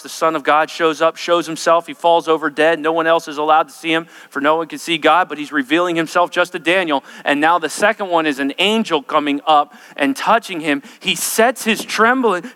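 A man's voice: a little high, sharp tone, long reverb tail. A man preaching an expository sermon, emphatic and often checking in with his listeners.

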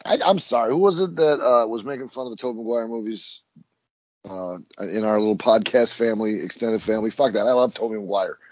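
A man co-hosting a podcast in casual chat who rambles and swears, with halting restarts. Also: lowish voice, darkish tone, dry recording. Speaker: podcast co-host. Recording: dry, dull lo-fi audio.

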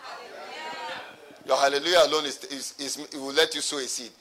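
A man's voice: mid-range voice, fairly even intonation, quick pace, pushed and bright, a faint crowd, a little hiss or hum. A pastor preaching a sermon to his congregation, repeating his phrases and calling for responses.

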